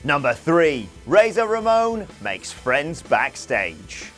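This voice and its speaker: A man narrates a scripted video with a dry, sardonic edge and lots of jokey asides. His voice sits a little high and swings up and down in pitch with animated energy. Soft music plays quietly underneath. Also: slow.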